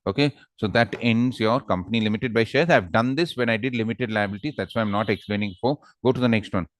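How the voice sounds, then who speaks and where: A man's voice: lowish voice, quick pace, no room sound, clean studio sound. A man with an Indian English accent teaching an online law class, quizzing students and teasing them.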